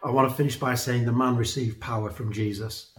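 A man's voice: mid-range voice, fairly even intonation, a little fast, a little hiss or hum. A man preaching a sermon in an earnest, conversational way, often repeating words as he builds a point. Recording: echoey room.

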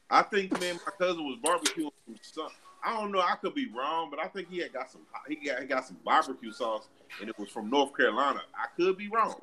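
A man's voice: fairly high pitch, expressive, brisk, background noise. A man from Texas, a podcast guest, talking in an easygoing, hedging casual chat. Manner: easygoing, hedging, laughs readily.

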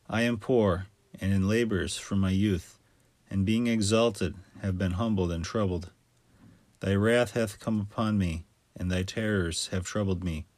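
A man reading scripture aloud with a measured, steady cadence. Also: sits low, dry recording. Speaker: scripture reader.

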